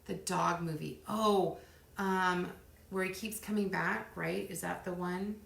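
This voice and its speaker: A middle-aged woman hosting a live crafting stream, chatting in a rambling way and counting softly under her breath as she works. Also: on the low side, steady tone, unhurried, gravelly. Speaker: craft livestream host. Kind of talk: casual live chat while crafting. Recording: roomy echo.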